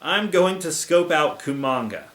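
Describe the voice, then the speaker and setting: A man's voice: on the high side, lively intonation, unhurried, fairly bright tone, reverberant, pitched above the performer's own voice. A man reading the first-person narration of a naive young female giant moth, in a storybook manner.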